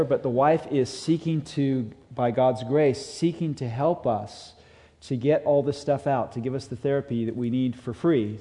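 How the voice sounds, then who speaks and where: A man preaching a sermon as a pastor, earnest, rising in intensity and then dropping to soft emphasis. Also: medium pitch. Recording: long hall reverb.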